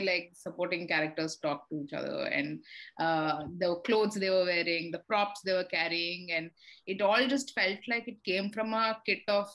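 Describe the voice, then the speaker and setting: A woman from India co-hosting a casual podcast chat. She talks frankly and with exasperation, and her sentences are full of fillers and restarts. Her pitch sits in the middle range. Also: a bit bright, low-quality recording.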